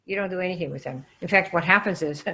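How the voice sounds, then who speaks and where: A woman teaching sales in a live online coaching session, quizzing her audience and calling on listeners by name with lively energy. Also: lowish voice, fast talker. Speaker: sales trainer.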